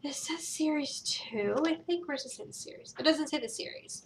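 A woman's voice: mid-range voice, a bit bright, a little hiss or hum. A woman chatting casually while unboxing toys, rambling and thinking aloud as she goes. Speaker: co-host of a family toy review channel. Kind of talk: casual toy unboxing chat.

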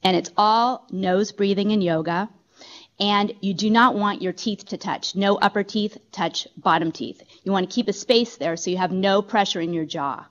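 A woman's voice: mid-range voice, normal speed, dull audio. A woman teaching yoga in a company talk room, giving upbeat step-by-step instructions into a handheld microphone.

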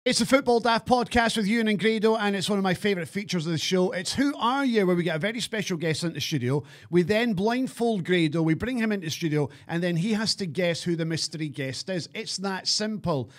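A man's voice: sits high, brisk, hardly any pauses. A man with a Scottish accent hosting a podcast from a studio, teasing his co-host and reading sponsor plugs.

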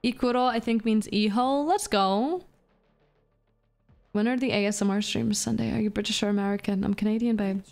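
A woman's voice: mid-range voice, fairly quick, gravelly, a little mellow, soft background music. A woman streamer chatting casually with her live chat while gaming, profane, playful and flirty. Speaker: VTuber streamer.

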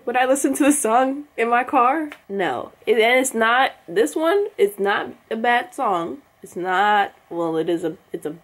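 A woman's voice: fairly low pitch, breathy edge. A young woman hosting a reaction video, chatting in a baffled, talkative way and sometimes dropping to a whisper. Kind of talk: casual reaction commentary.

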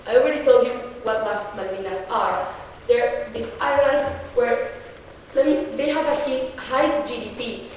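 A teenage woman speaks in a slightly high, earnest voice, explaining her debate case with frequent hesitations. She is caught by a distant mic, her words washing through a big echoey hall over a faint hiss. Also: unhurried, a little mellow. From Chile. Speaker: student debater. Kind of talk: competitive debate speech.

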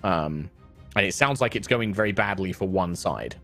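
Low-voiced man narrating as game master. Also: expressive, moderate pace, fairly bright tone, faint music behind. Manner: casual, vivid narration full of fillers.

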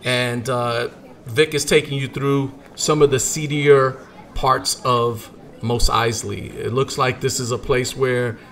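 A man's voice: medium pitch, flat delivery, takes it slowly, a bit bright. A man narrating a tabletop game as game master, in a loose, rambling way with many fillers.

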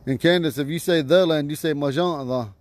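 A man teaching vocabulary to a class outdoors at home, patiently repeating each word slowly. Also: on the high side, no echo. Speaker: language teacher.

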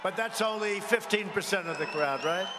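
A man with a fairly high voice holds forth at a podium, drifting from point to point and mocking his opponents with asides to the crowd. His voice rings through a large arena, with a long reverb tail and a faint hum of ambience underneath. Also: moderate pace. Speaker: political rally speaker. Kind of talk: campaign rally speech. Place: large indoor arena rally.

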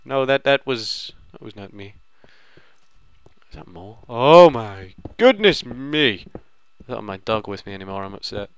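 Brief: young male let's-player, self-mocking and chatty, lowish voice. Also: very animated, a little slow, clear, resonant tone, dry recording. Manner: playful, rambling, self-mocking. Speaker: gaming video host. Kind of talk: let's-play commentary.

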